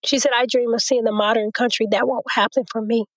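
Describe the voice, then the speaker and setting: A woman being interviewed shares her personal testimony, vividly acting out what others said to her. Her voice is a little high and fast, with no room sound and dull audio.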